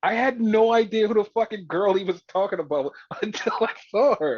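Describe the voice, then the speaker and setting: A man with a fairly high voice chats through a wrestling recap, swearing freely and acting out what the wrestlers said. The sound is dry and dull, like a lo-fi home recording. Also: fairly quick, no echo. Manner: profane, animated retelling with mimicked quotes. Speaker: podcast host. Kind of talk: casual wrestling recap chat.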